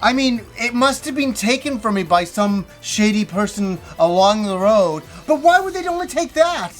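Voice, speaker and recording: A middle-aged man hosting a casual chat about games, telling stories with lively animation and plenty of swearing. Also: high-pitched, moderate pace, soft background music. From Canada. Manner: animated storyteller, swears freely. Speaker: host.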